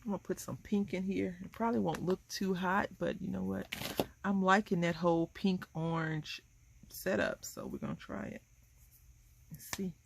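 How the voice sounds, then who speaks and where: A woman's voice: on the low side, animated, moderate pace, gravelly, slight background noise. A woman hosting a craft video, chatting casually and rambling with amusement while she colors.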